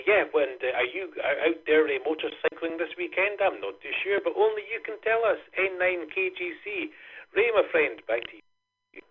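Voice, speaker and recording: A man runs an amateur radio net, his speech loose and friendly, full of little fillers. His voice is husky and sits a little high. It comes over a thin, phone-like radio transmission. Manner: friendly, chatty, frequent fillers. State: coughing, hay fever. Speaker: net control host.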